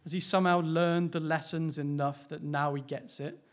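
A pastor preaching with a slightly higher-than-average voice. He talks in a candid, conversational way, often asks his listeners questions and laughs lightly. It is a relaxed sermon, not a formal address. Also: moderate pace.

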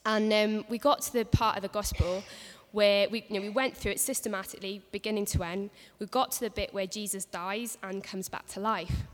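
A woman's voice: medium pitch, fairly even intonation, a little fast, hardly any pauses, slight background noise. Earnest woman preaching in a hall. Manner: earnest, storytelling, many restarts. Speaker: speaker at a women's church gathering. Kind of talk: personal-story sermon. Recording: long hall reverb.

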